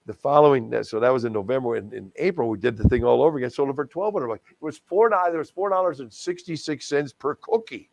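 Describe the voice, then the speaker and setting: An older man from Wisconsin, a TV anchor and charity auctioneer, telling stories in a folksy, animated, self-deprecating way in a casual interview. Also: medium pitch, fast talker, creaky, hardly any pauses, no echo.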